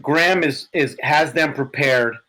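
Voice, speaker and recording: A man on a football podcast, gushing about his team with animated energy and plenty of swearing. His voice sits a little high and sounds slightly hoarse. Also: measured pace, low-quality recording. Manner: animated, profane, laughing. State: hoarse from yelling. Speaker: podcast co-host, Giants fan. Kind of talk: excited sports chat.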